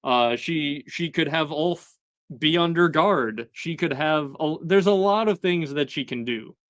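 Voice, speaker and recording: Smooth-voiced man recapping casually. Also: a little high, unhurried, no room sound. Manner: relaxed, filler-heavy, chuckling asides. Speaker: show host. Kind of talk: casual episode recap chat.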